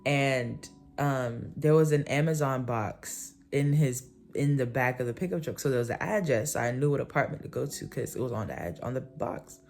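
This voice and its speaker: Woman, very deep voice, casual vlog storytelling, rambling, lots of fillers, self-correcting. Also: normal speed, gravelly, darkish tone. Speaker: vlogger.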